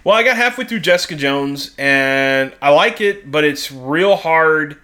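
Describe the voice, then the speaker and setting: A man's voice: fairly high pitch, animated, a little slow, bright, forceful tone. A man co-hosting a podcast in casual chat, swearing freely and laughing often. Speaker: podcast co-host.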